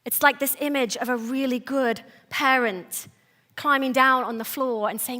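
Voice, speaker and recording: A woman with a high, sharply bright voice delivers a sermon. She sounds to be in her thirties and talks to the congregation in an earnest, conversational way, pressing her points with emphasis. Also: steady tone, normal speed. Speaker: preacher. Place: church service.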